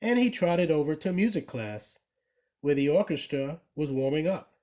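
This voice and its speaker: A man reading a children's picture book aloud, with expressive, animated storytelling. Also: a little high, moderate pace. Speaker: storybook reader.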